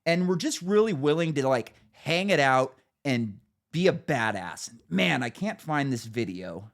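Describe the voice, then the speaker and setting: A man's voice: mid-range voice, lively intonation, measured pace. A man hosting a podcast, ranting in casual chat with an emphatic, profane manner. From United States. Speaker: podcast host.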